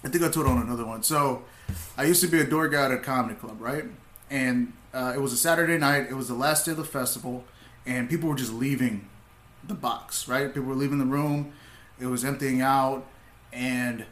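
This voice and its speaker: Bright-voiced man telling stories casually. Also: medium pitch, reverberant. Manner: laid-back, swears freely, animated when retelling. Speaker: comedian, podcast guest. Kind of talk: casual storytelling.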